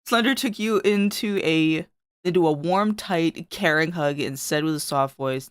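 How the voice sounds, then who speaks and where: A woman's voice: sits low, unhurried, clean tone, no echo, studio quality. A woman streamer reading her old fan fiction aloud to friends, breaking off to swear and comment.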